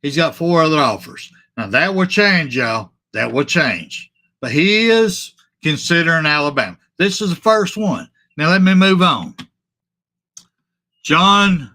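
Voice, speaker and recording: Animated man with a sharp bright voice. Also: on the high side, takes it slowly. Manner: animated and repetitive, trailing off and apologizing. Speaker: sports talk show host. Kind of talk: casual live-stream sports talk, reading viewer comments.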